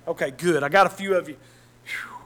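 A man preaching a sermon in church, swinging from loud shouting to soft low asides, with many repeats and restarts. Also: brisk. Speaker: pastor. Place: church hall with congregation.

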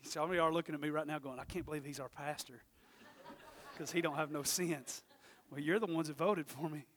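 A middle-aged male pastor, preaching a sermon with lively storytelling that swings from loud to hushed. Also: a little high, fast.

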